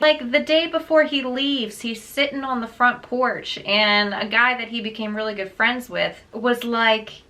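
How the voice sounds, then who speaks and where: Chatty bright-voiced woman telling a story. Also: on the high side, measured pace. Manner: chatty, animated, laughs often, many fillers. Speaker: book vlogger. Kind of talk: casual storytelling chat.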